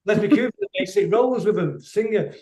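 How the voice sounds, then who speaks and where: Middle-aged bloke telling stories on a video call, a bit high, echoey room. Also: male voice, dark tone. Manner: rambling, anecdotal, quick to laugh. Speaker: musician guest. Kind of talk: casual storytelling interview.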